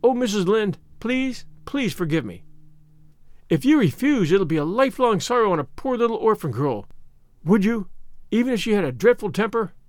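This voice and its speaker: A man's voice: high voice, sing-song, moderate pace, darkish tone, no echo, studio quality, voice pushed up. A man voicing a dramatic, imaginative young orphan girl who talks in a gushing, theatrical way. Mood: pleading.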